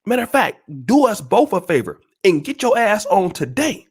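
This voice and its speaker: A man's voice: high voice, very animated, normal speed, husky. A man hosting his own channel, ranting at viewers in an emphatic, profane, repetitive, preachy way. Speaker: channel host.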